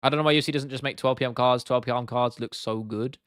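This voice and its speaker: A man's voice: mid-range voice, fairly even intonation, fast, fairly bright tone, smooth, dry recording, studio quality. A young English man with an English accent, chatting casually on a live stream, reading chat aloud and swearing freely. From England.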